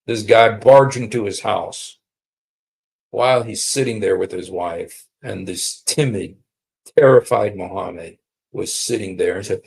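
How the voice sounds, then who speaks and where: A man's voice: fairly low pitch, measured pace, gravelly, darkish tone, slightly rough. A man hosting a casual livestream, talking in a sarcastic, mocking way and repeating himself for emphasis. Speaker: livestream host.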